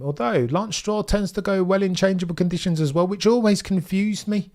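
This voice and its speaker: Talking briskly with hardly any pauses, a livestream host with a high, slightly mellow voice runs a casual watchalong. He's from the Birmingham area of England, has a mild Brummie accent, and chats with viewers, reading their comments out and adding wry asides.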